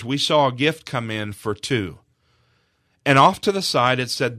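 A man's voice: mid-range voice, fairly bright tone, dry recording. A man recounting a moving story in a radio studio interview, earnest and emotional, his voice rising at key moments. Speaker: charity representative.

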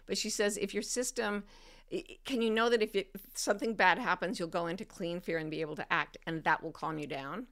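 Bright-toned woman giving gentle advice. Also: steady tone. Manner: gentle, deliberately slows and lowers her voice for serious points. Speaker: podcast host answering listener questions. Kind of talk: warm advice talk to an audience.

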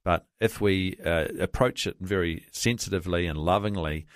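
A man's voice: sits low, no room sound, clean studio sound. A man co-hosting a Christian talk radio show, speaking earnestly with frequent restarts. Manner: earnest, halting with many restarts.

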